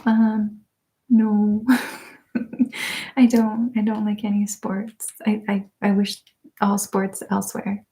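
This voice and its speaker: A woman hosting an ASMR live stream in casual chat with her viewers. She is soft-spoken, often drifts into whispers and laughs a lot. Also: mid-range voice, little pitch movement, slow pace, pauses often. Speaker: ASMR channel host.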